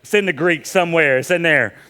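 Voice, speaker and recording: A man in his thirties preaching a sermon, telling funny stories with animated delivery. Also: a little high, fairly quick, clean tone. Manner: storytelling, joking, animated. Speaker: pastor.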